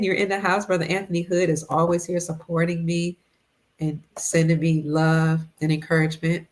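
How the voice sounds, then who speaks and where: Woman, livestream host, low-pitched voice, chatty, slightly congested, greets viewers by name. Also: flat delivery, normal speed. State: congested, fasting. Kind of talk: casual live-stream chat.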